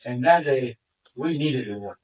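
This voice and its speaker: A man who handles a search dog tells the story at a community meeting, excitedly acting out what he said. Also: mid-range voice, a little slow. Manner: excited, acts out his own quoted remarks. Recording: distant from the mic.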